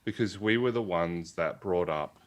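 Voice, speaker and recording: A man, a physiotherapist guest in an interview, answering in a measured, reflective way. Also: deep voice.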